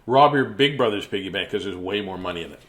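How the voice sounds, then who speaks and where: Against a noisy background, a man in his fifties reads children's books in a low-pitched, animated voice at a fast clip. His playful read-aloud is full of jokey asides, chatter between pages and silly sung rhymes.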